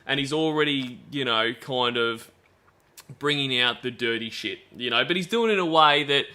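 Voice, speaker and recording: A man's voice: mid-range voice, normal speed, sharp tone. A man giving blunt, profane commentary on a stream, reading out and reacting to chat logs. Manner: blunt, swearing, disgusted.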